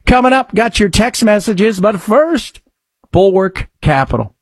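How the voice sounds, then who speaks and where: A man hosting a radio talk show, rambling conversationally and reading ads in a quick patter. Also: sits high, big pitch swings, husky, no echo, studio quality. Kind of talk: radio talk commentary and live ad reads.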